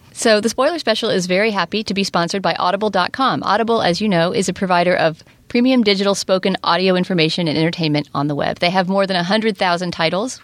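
A woman hosting a podcast, talking quickly and enthusiastically in casual chat and reading a sponsor spot. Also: fairly low pitch, no room sound. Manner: fast, talkative, enthusiastic. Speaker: podcast host.

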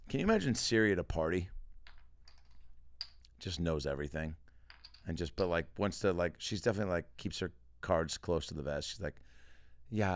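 Deep-voiced man doing a comedy monologue. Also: vocal fry, no echo. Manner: animated storyteller, acts out quotes. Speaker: podcast host.

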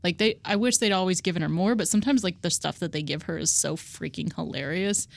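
A woman's voice: on the low side, fast talker, vocal fry. A woman chatting frankly on a podcast, swearing casually. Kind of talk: casual chat.

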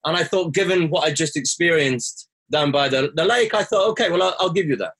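Earnest and reflective, a man relates a personal story as a guest. His voice is a little high, brisk and a bit bright, with a breathy edge, rising sharply whenever he quotes what he himself said.

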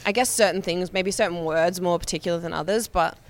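A woman's voice: on the low side, fairly quick, a little hiss or hum. A young woman with an Australian accent and a slight American twang, telling stories as an interview guest in a rambling, giggly way full of "like" fillers. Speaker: guest, professional wrestler. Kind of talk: casual storytelling.

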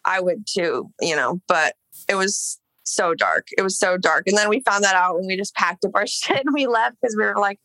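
A young woman from Los Angeles tells a rambling story in a casual chat, peppering it with "like" and curse words. Her voice is bright and gravelly with plenty of vocal fry, recorded close and dry. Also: mid-range voice, normal speed, no room sound, rough recording. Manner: rambling, heavy filler "like", swearing. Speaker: singer, podcast guest.

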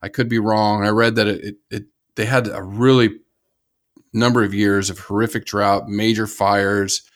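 A man's voice: lowish voice, level tone, normal speed. An American man co-hosting a casual conservation podcast, talking enthusiastically and rambling with frequent restarts. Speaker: podcast co-host.

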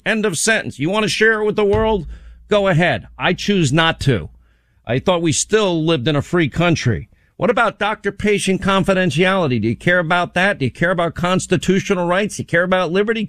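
A man's voice: sits high, fairly bright tone, no echo, studio quality. A man hosting a political talk show, combative and sarcastic, firing off rhetorical questions. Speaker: talk radio host.

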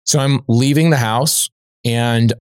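A man, a podcast guest, telling a personal anecdote in a lively, conversational way, dropping "like" as a filler. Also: mid-range voice, slow pace, smooth, dry recording, clean studio sound. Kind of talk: storytelling anecdote.

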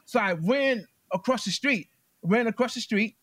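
A man giving courtroom testimony as plaintiff, telling his story in an animated way and acting out what others said. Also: high voice, fairly quick, dry recording.

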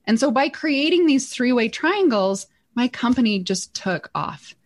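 A middle-aged woman who co-hosts and runs a business, telling stories in an excited, animated way. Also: fairly high pitch, a little slow. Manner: excited, animated storytelling with laughs. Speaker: podcast co-host and business owner. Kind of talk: casual chat.

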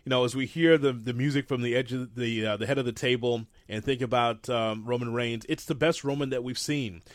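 Casting: male podcast co-host, mid-pitched, animated rambling delivery, dry close mic. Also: brisk, no room sound. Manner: animated, rambling, self-described old-school fan. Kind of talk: casual wrestling talk.

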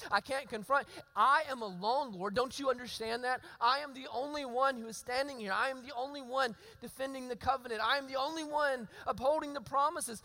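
A man's voice: extremely high pitch, sharp tone, voice pushed up, full character voice. A man voicing an exhausted, desperate prophet, pleading in a raised, strained voice.

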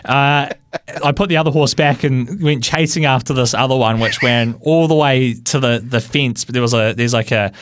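Animated New man telling a story. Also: medium pitch, normal speed, slight background noise. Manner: animated storyteller, laughs, acts out voices. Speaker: radio show guest telling a story. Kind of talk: casual anecdote.

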